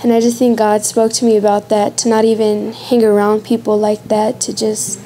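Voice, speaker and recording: Woman, church testimony, mellow flat delivery, faint room noise. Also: mid-range voice, moderate pace. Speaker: young church member sharing testimony.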